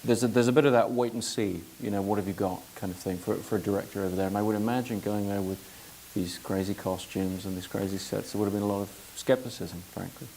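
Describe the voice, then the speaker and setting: A man in a relaxed interview conversation, speaking hesitantly and repeating words as he works out a thought. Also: fairly low pitch, fast talker, gravelly, hardly any pauses, a little hiss or hum, rough recording. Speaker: filmmaker interviewer.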